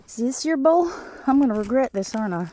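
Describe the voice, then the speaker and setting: A homesteader vlogger, out of breath, chats casually while feeding her animals outdoors on a snowy farm, filmed on a tripod camera. Her voice is fairly high and dark in tone, with lively intonation and fast speech, and there's slight background noise. She talks to the animals and thinks aloud as she narrates her chores.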